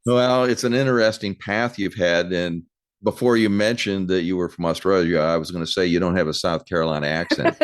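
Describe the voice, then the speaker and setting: A man's voice: low voice, steady tone, a little fast. A man hosting an interview podcast, asking his guest questions in a conversational way with friendly asides. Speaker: podcast host.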